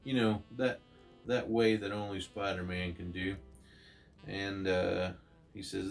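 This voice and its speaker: A man's voice: deep voice, level tone, takes it slowly, vocal fry, soft background music. A man hosting his channel, casually retelling a comic story in a chatty way with many fillers. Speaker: comic book channel host.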